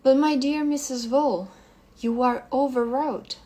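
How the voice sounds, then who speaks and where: A woman reading aloud, voicing a quiet, formal, courteous male lawyer in a short story. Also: high-pitched, fairly even intonation, unhurried, pitched above the performer's own voice.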